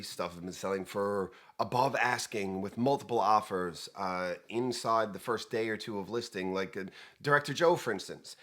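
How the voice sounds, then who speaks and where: A man hosting a real estate talk show, chatting casually with jokes and rambling asides. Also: lowish voice. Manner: lively, joking, rambling asides. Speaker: host.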